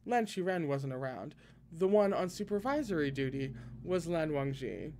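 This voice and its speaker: A man reading a novel aloud expressively, now and then breaking in with excited asides. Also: fairly high pitch, moderate pace, slight background noise. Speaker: podcast reader.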